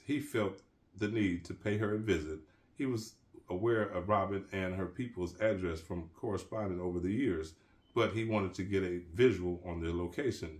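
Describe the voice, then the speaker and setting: A man with a lowish voice reads his own crime novel aloud in a relaxed, casual way. He drops street-slang asides and restarts lines as he goes. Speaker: author reading his novel.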